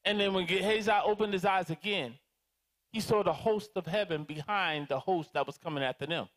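High-voiced man preaching a sermon. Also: brisk. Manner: preaching with call-and-response to the congregation; animated, dramatizing prayers in different voices. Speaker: pastor.

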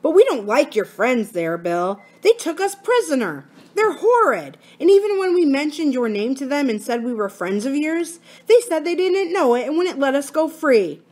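A woman's voice: high-pitched, sing-song, normal speed, hardly any pauses, a little mellow, pitched above the performer's own voice. A woman voicing an earnest, anxious schoolboy in a storybook reading. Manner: earnest, pleading.

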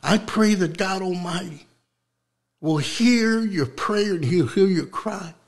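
A young man preaching with fervor in an interview, repeating words as he builds, then dropping to a hushed voice for prayer. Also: sits high, slow.

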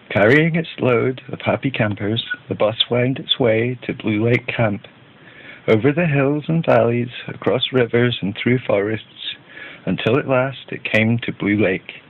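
A man narrating a children's storybook in a gentle, even read-aloud manner. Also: mid-range voice, husky. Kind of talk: storybook reading. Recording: tinny phone-like band.

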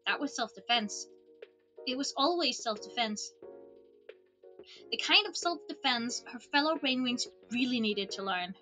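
A woman streamer reading a book aloud in a relaxed way, dropping small casual asides. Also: fairly high pitch, unhurried, long pauses, soft background music. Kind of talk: storybook read-aloud.

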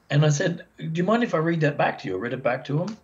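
A talkative man with a fairly high voice, speaking as a podcast guest. He tells stories with energy and slips into the voices of the people he describes. The sound is slightly dull and lo-fi. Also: brisk. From Australia. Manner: chatty, animated storyteller who acts out owners' voices. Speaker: dog behaviour expert guest. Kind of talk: casual podcast interview.

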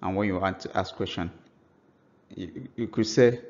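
Male language teacher, low voice, unhurried and patient, dull lo-fi sound. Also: darkish tone. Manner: slow, patient explanations, spelling out example phrases. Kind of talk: language lesson.

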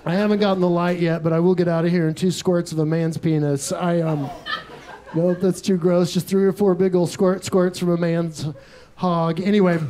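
Audience laughter fills a comedy club where a young Texan, his voice high for a man, performs stand-up. His style is deadpan: absurd anecdotes separated by rapid asides.

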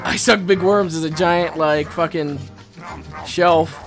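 A man chatting loudly and casually while playing an online game, often laughing and swearing. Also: on the high side, takes it slowly, over music. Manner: loud, laughing, swearing, excitable. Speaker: gaming YouTuber. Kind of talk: casual gameplay chat.

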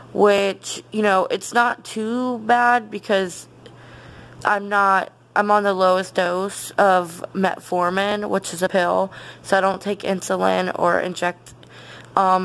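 Slow-talking woman rambling at home. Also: medium pitch, low-quality recording. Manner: rambling, with many fillers and restarts; gushing and easily excited. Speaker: vlogger. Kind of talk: casual vlog chat to camera.

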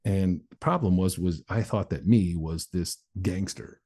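A man's voice: sits low, unhurried, mellow, breathy edge. A man in his forties, a guest on an interview show, telling his life story candidly and acting out other people's voices. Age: 40s. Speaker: guest, motivational speaker.

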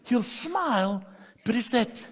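A middle-aged pastor preaching a sermon, emphatic and humorous, moving between soft confiding talk and loud bursts. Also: male voice, extremely high pitch, animated, takes it slowly, slightly rough. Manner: humorous storytelling. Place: church sanctuary. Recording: long reverb of a church hall.

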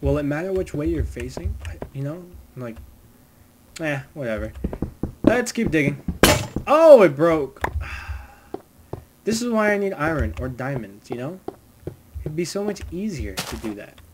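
A man's voice: fairly high pitch, lively intonation, a little slow, long pauses, heavy background noise. A man giving rambling, jokey let's-play commentary, chatting to the animals in his game. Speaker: gamer. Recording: loud music under the voice. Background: loud music.

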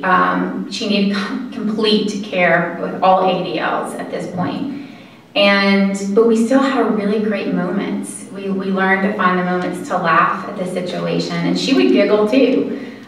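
Echoey woman lecturing from afar. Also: medium pitch. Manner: conversational, earnest, halting pauses. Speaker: caregiving presenter. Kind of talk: informal lecture to an audience. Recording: echoey room from far mic.

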